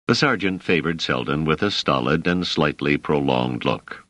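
A man narrating a novel as an audiobook, in a measured, expressive storytelling manner on a close mic. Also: a bass voice, dry recording. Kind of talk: scripted narration.

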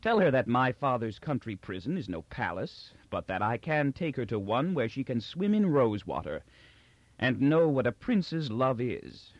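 A man voicing an arrogant, cruel young prince who speaks slowly and mockingly. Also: mid-range voice, very animated, dry recording, dull audio. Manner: mocking, slow and drawn out.

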